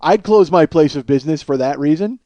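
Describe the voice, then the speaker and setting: Man, rambling storyteller, profane, casual podcast, slightly high pitch. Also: animated, brisk, dark tone, dull audio. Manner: rambling and profane, with lots of filler. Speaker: podcast host. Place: home studio at night.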